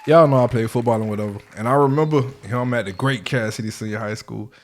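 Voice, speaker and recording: A man's voice: mid-range voice, fast, some chatter behind. A man hosting a casual reaction video, talking in a loose, profane, slang-heavy way.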